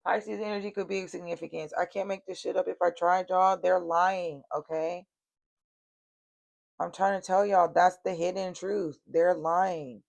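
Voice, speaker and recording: Blunt, gravelly-voiced woman tarot reader. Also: lowish voice, steady tone, moderate pace, a little mellow. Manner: blunt, profane and emphatic, repeats warnings; speaks straight to viewers as y'all. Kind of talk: casual tarot reading.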